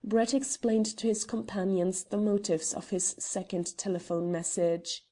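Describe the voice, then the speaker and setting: A woman reads a classic mystery audiobook in an even, measured way. Her voice is mellow and warm, set at a middling pitch. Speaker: audiobook narrator. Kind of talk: audiobook narration.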